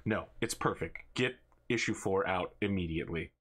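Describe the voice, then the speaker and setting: Guy doing a no-nonsense lady commander, flat and lowish, just gets it done. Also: normal speed. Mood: curt. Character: calm, brisk female commander.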